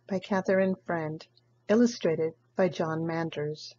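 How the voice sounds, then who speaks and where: A woman reading a children's picture book aloud in an expressive storytelling manner. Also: on the low side, takes it slowly, lo-fi sound, slight background noise. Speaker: storybook reader.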